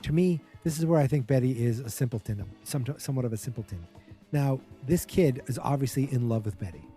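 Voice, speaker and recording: Guy hosting a podcast, dark mellow voice, chatty and a bit snarky retelling. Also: medium pitch, expressive, fairly quick, faint music behind. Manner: chatty and wry, mimics characters' lines while retelling. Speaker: podcast host. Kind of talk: casual solo episode recap.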